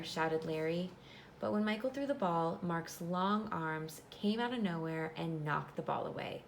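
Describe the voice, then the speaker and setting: A woman teacher giving a classroom read-aloud of a storybook, reading in a clear, instructive way and pausing to explain. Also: low voice, a little hiss or hum.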